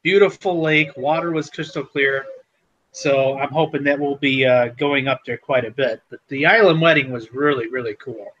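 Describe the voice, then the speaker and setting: Co-hosting a laid-back livestream, this Chicago-area man talks with viewers by name in his local Midwestern accent, as you'd expect from someone from the Chicago area, Illinois. He has a mid-range, fairly bright voice and a moderate pace, though the audio is dull.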